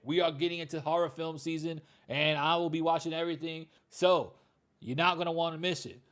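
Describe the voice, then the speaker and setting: A man's voice: a little high, fairly even intonation, fairly quick, a bit bright. A man reviewing a movie in a loose, candid, conversational way, with plenty of "you know" and "like.". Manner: candid, blunt opinions. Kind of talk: casual spoken movie review.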